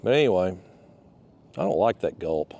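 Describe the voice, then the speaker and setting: A man's voice: low voice, expressive, normal speed, dark tone, muffled recording. A man talking casually while fishing from a kayak outdoors, rambling and a bit out of breath. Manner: rambling, restarts, folksy phrasing. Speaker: fishing vlogger.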